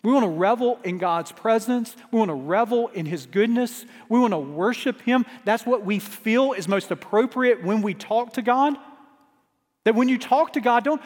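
A man with a high voice preaches an earnest sermon. He leans harder into his repeated refrains as he goes. His words ring out with a long hall reverb. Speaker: pastor.

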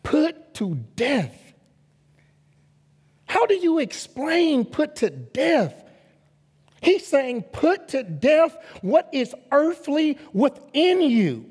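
A man preaching a sermon as a guest pastor, emphatic and calling for responses from the congregation, rising to loud exhortation. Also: extremely high pitch, big pitch swings, slow pace. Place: church sanctuary. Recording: long reverb of a large hall.

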